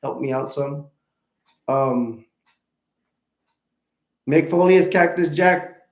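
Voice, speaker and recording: A man hosting a live stream, chatting in a halting, rambling way with many restarts and self-corrections, with hiccups. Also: fairly high pitch, echoey room.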